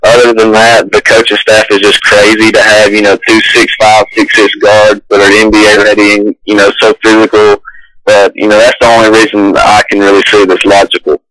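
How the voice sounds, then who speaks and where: A man from Alabama calling in as a basketball recruiting guest, talking haltingly with many fillers. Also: fairly low pitch, little pitch movement, a bit bright, no echo, poor audio. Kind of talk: casual phone interview.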